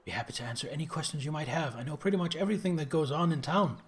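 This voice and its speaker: A man voicing an excitable young girl, the bored mayor's daughter, who gushes with breathless enthusiasm. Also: a little high, racing, a little hiss or hum, lightly acted. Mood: eager.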